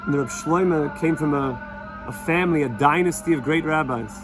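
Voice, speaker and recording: Music plays behind a rabbi in Jerusalem as he gives a weekly Torah lesson, telling stories earnestly at a moderate pace. His voice is fairly high, and he repeats himself while sprinkling in Yiddish and Hebrew words.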